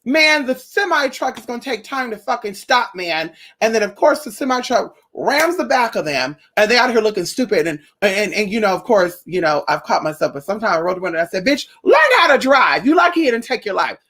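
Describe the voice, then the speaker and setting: A young woman talks straight to her viewers in a casual vlog. She is blunt and profane, and she tells her stories with animation. Her voice sits at a middle pitch. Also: animated, fairly quick, hardly any pauses, fairly bright tone. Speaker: spiritual vlogger.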